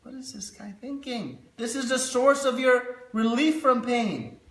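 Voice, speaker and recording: A man's voice: very high voice, measured pace, fairly bright tone, voice pushed up. A man voicing a kind, compassionate woman. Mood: kindly. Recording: roomy echo.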